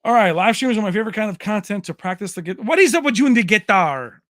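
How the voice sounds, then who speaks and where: A man hosts a casual tech livestream, talking to his viewers in a chummy, animated way. His voice is bright and sits somewhat high for a man. The sound is dry and close, with no room around it. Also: fast talker, no echo. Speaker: tech channel host.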